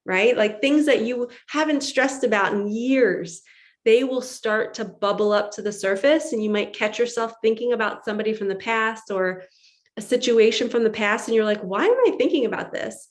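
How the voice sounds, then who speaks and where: Earnest woman coaching on spiritual growth. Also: fairly high pitch. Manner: earnest, emphatic, acts out her inner voice in quotes. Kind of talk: motivational monologue to viewers.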